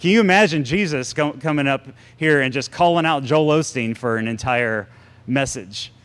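A man preaching a sermon to a congregation, animated and sarcastic, with big swings in pitch. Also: moderate pace, clean tone. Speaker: pastor.

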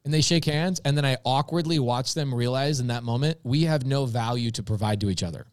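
A man's voice: medium pitch, a little fast, dry recording, studio quality. A man telling a story as a podcast guest, acting out both sides of imagined conversations with lots of energy. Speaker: podcast guest, real estate investor. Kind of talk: animated storytelling with acted-out dialogue.

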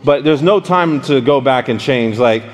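A man preaching in a relaxed, story-led way, his voice sitting at an ordinary middle pitch. He talks directly to the room, throwing questions out to his listeners. The sound trails off in the long reverb of a large hall. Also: moderate pace. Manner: animated, addresses the audience directly with questions. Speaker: pastor. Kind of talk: conversational storytelling sermon.

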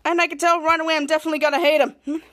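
A woman's voice: high voice, level tone, rapid-fire, fairly bright tone. A woman voicing a sarcastic young man in a plain read-aloud delivery.

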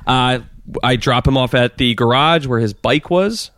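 A man in his thirties, a podcast guest, telling a story in a fast, animated way with many restarts. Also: mid-range voice, no echo, studio quality. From Southern California. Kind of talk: casual storytelling.

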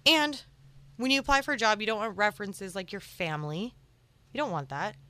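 A woman's voice: medium pitch, a little fast. A woman in her twenties co-hosting a casual podcast chat, joking and repeating herself, hungover. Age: 20s. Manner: animated, repetitive, jokey. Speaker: podcast co-host.

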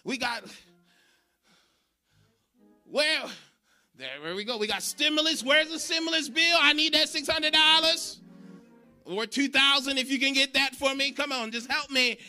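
High bright preaching man. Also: measured pace, pauses often, faint music behind. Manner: animated, preaching with shouted emphasis and laughs. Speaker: pastor. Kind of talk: sermon. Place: church.

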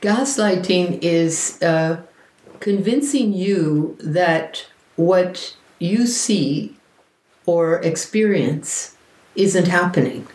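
Lower-voiced woman recounting her past. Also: extremely slow, roomy sound. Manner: animated, acts out quoted voices. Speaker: interview guest. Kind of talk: personal storytelling in conversation.

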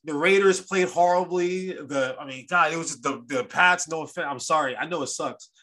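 A man hosting a sports podcast, talking in an animated, rambling way as he recaps games. His voice is bright and forward, sitting a little high for a man. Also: normal speed. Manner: animated, rambling storyteller with restarts. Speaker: podcast host. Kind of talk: casual sports chat.

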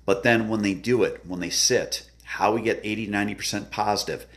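A man working as a dog trainer, giving an earnest instructional talk about obedience work, repeating his points and acting out the commands he gives. He describes himself as having a good, loud voice. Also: brisk. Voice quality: loud booming voice.

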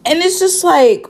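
A woman's voice: low voice, a little hiss or hum. A woman in her twenties telling a personal story in a casual, chatty way, full of fillers and asides. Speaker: vlogger.

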